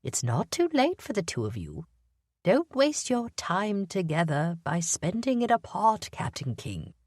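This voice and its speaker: A woman reading an audiobook, voicing a frail, sharp-eyed old woman, sick in bed, who teases in a wry, blunt way. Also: fairly low pitch, big pitch swings, unhurried, breathy edge, dry recording, studio quality, pitched above the performer's own voice, heavily acted. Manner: wry and teasing. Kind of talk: audiobook character voice.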